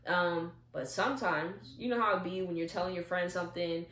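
Lively young woman, low voice, roomy echo. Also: fairly quick. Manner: animated storyteller, acts out little dialogues. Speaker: vlogger. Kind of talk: casual talk to camera. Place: at home, seated in a chair.

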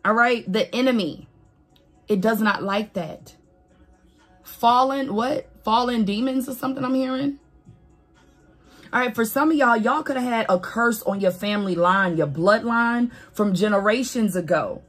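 A woman giving a casual spiritual reading to camera, animated and preachy, talking straight to her viewers with swearing and laughs. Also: a little high, measured pace, soft background music. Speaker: tarot reader.

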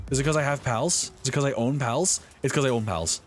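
A young man streaming a video game live, talking excitedly to the characters on screen. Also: mid-range voice, fast talker, few pauses, soft background music. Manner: excitable, talks to the game's characters. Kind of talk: live gameplay commentary.

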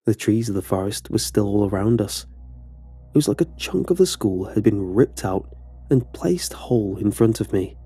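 A man narrating a scripted horror story in a measured, somber way. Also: on the low side, sing-song, warm tone, husky, dry recording, studio quality, faint music behind.

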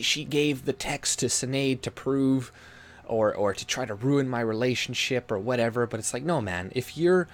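A man from Canada ranting to camera as a YouTube commentator, swearing often and mocking others in put-on voices. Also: mid-range voice.

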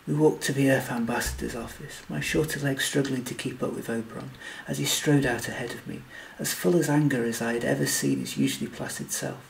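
Gravelly male storyteller. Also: medium pitch, fairly quick, few pauses, slight background noise, low-quality recording. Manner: steady storytelling read. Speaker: audiobook narrator. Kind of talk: scripted narration.

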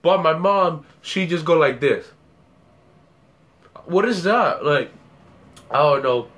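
A man's voice: a little high, lively intonation, slow, fairly bright tone. A young man telling a story about a dream in a rambling way, repeating words and acting out the scenes. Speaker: vlogger.

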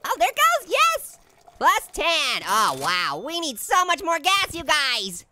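A man's voice: extremely high pitch, wildly swooping pitch, slow pace, heavy background noise, full character voice. A man voicing a cheeky, hyper male talking orange who giggles and wisecracks through comedic game commentary. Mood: goofy. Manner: giggly, wisecracking, constant laughing. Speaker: gameplay commentator.

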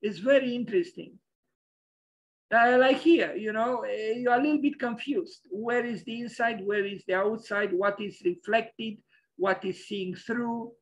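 Gravelly, hesitant male lecturer. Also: sits high, a little slow, poor audio. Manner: hesitant, many fillers, opinionated. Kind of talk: lecture over slides.

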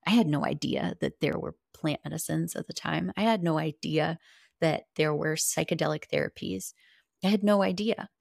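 A woman's voice: low voice, normal speed, vocal fry, a little mellow, no room sound, studio quality. A woman guest on a podcast, earnestly and candidly telling a personal story, with casual swearing.

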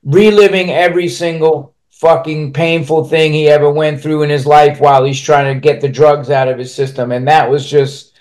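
A podcast guest shares candid stories about his life in a fairly high, slightly mellow voice, keeping his intonation fairly even at normal speed with hardly any pauses. Blunt and profane, he rambles and keeps restarting his sentences.

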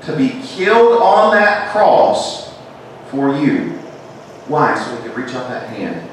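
A Southern American man delivers a church sermon, building to emphatic, raised declarations before dropping to soft, hushed lines. He is heard from a distance in a very echoey sanctuary with a faint hum of room noise. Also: mid-range voice, big pitch swings, takes it slowly. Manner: rises to emphatic preaching then drops to hushed tones. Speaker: preacher.

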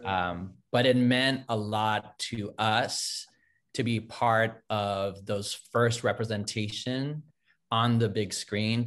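A man from California who danced in the film, speaking earnestly and reflectively on a video call. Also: lowish voice. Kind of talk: casual panel talk.

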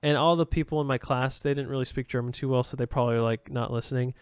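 A man's voice: medium pitch, fairly even intonation, quick pace, smooth, no echo, studio quality. A man hosting a solo podcast, rambling and self-aware, with frequent restarts and fillers. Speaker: podcast host.

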